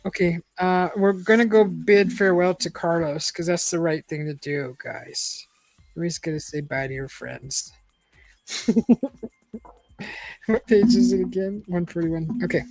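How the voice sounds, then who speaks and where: A woman's voice: fairly low pitch, unhurried, darkish tone, dry recording, rough recording. A woman reading an adventure book aloud in a casual, chatty way, breaking off for laughing asides. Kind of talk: casual read-aloud chat.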